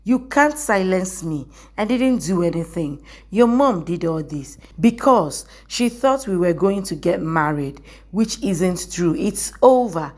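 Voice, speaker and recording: A woman's voice: on the low side, expressive, unhurried, darkish tone. Distraught young bride read by a woman narrator, level drama recap voice. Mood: distressed.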